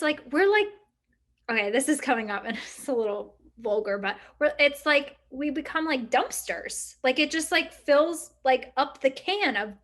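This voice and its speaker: A middle-aged woman co-hosting a casual chat, reflecting in long, rambling thoughts full of fillers and lively quoted asides. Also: high voice. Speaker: podcast co-host.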